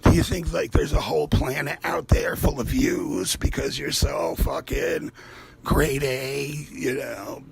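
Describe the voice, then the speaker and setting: An artist hosting his own art show talks while he paints, in a fairly high, creaky voice with a breathy edge, at a measured pace with few pauses. His monologue is casual, rambling and profane, swearing freely and drifting between loose asides, with soft music in the background.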